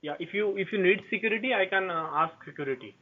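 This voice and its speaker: A man's voice: high voice, animated, fast talker. A man working a motel front desk, giving brief, hesitant replies on the phone. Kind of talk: phone call. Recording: tinny phone line with faint noise.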